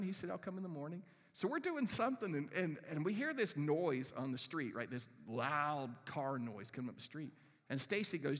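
Male pastor preaching, bright high voice, animated storyteller, long hall reverb. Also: slightly rough. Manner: animated storytelling, acts out his own inner voice. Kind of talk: sermon with personal story.

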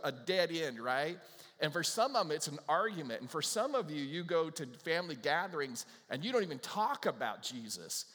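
Animated pastor preaching in a reverberant church. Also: male voice, on the high side. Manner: conversational, animated, acts out little dialogues. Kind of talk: sermon. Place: church sanctuary with a live congregation.

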